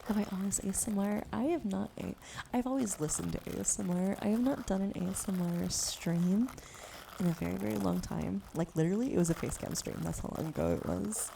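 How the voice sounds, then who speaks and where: A woman in her forties, a streamer doing whispered role-play, whispering softly and teasing her chat with giggles, with a cough that keeps catching her. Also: medium pitch, brisk, creaky. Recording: noisy home stream mic.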